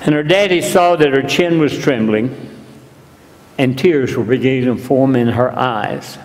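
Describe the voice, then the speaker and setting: Brief: unhurried male preacher, mid-pitched, echoing sanctuary. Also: a little mellow. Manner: slow, deliberate storytelling. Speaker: pastor. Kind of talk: sermon. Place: church sanctuary. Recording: long reverb in a large hall.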